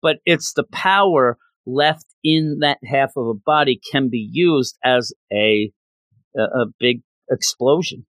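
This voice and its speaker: An excited man recaps a comic book in a casual, chatty way. His voice sits at a middle pitch, and the sound is dry and close. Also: takes it slowly, dry recording. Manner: excited, chatty, acts out lines.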